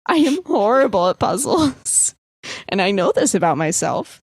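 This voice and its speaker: A woman's voice: medium pitch, very animated, moderate pace, husky, no room sound, studio quality. A young woman from the East Coast telling a dream story in casual podcast chat, full of "like" and freely swearing. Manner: rambling, filler-heavy, swears freely. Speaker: podcast guest.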